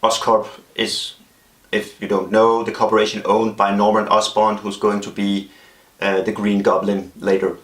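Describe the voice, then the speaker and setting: Guy rambling thru a movie pitch, lots of likes and ums, low voice, echoey room. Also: level tone, moderate pace, fairly bright tone. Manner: rambling, many fillers and restarts. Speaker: vlogger pitching a movie idea. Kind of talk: casual spoken movie pitch.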